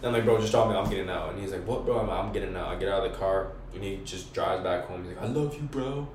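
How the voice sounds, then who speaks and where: A young man with a lowish voice tells a rambling, profane story in thick slang, voicing what he and others said. He sits some way from the mic in an echoey room, with a faint hiss underneath. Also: level tone, rapid-fire. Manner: slangy, profane, acts out his own quotes. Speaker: podcast guest. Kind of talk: casual storytelling. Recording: roomy, distant mic, faint noise.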